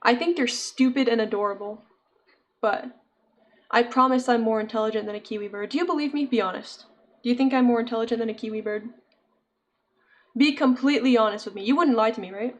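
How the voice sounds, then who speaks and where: A woman's voice: fairly high pitch, a little fast, long pauses. A young woman chatting casually with her viewers while she crochets, giggling often and answering chat. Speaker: streamer.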